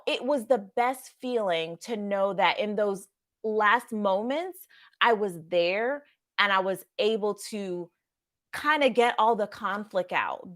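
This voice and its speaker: A young adult woman, a nurse, telling stories to camera in a soft, earnest way with frequent restarts. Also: on the high side. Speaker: nurse and vlogger. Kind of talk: casual storytelling to camera.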